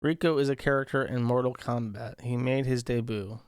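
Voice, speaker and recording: A man's voice: medium pitch, steady tone, moderate pace, smooth, no echo. Sarcastic guy reading donos on stream, swears a lot, dry close sound. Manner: crude, profane and sarcastic; reads viewer messages aloud, then riffs on them. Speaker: streamer reading viewer donations. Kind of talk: casual livestream chat.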